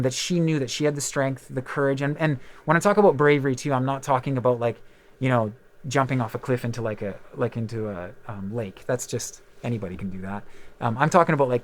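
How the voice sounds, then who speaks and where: Male podcast host, 30s, quick mid-pitched delivery, loose candid storyteller who swears now and then. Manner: rambling, candid storytelling with many fillers and swearing. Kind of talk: casual chat.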